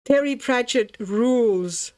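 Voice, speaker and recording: A woman from Latvia hosting a relaxed livestream, chatting easily, reading comments, and thinking aloud as she colours. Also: a little high, takes it slowly. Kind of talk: casual livestream chat.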